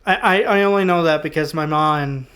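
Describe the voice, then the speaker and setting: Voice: mid-range voice, a little fast, fairly bright tone, clean tone. A co-host of a casual podcast who chimes in with short, playful and teasing remarks. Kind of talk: casual chat.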